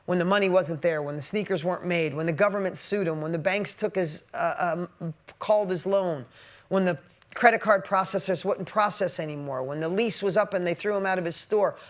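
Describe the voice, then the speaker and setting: A man's voice: high voice, brisk. Emotional man giving a motivational talk. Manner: emotional, swings from loud emphatic to quiet. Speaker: business speaker.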